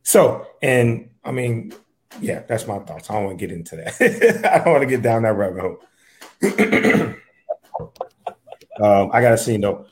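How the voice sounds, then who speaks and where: A man's voice: medium pitch, sing-song, a little slow, long pauses. A man in casual chat as a podcast co-host, talking in a blunt, profane, joking way.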